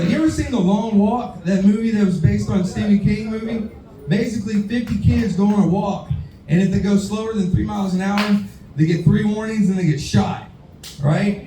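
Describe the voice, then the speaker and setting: A man's voice: a little high, warm tone, roomy sound, recorded from a distance, a little hiss or hum, rough recording. A man doing a profane, rambling stand-up set on a bar stage, telling crude stories. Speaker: stand-up comedian. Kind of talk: open-mic stand-up set.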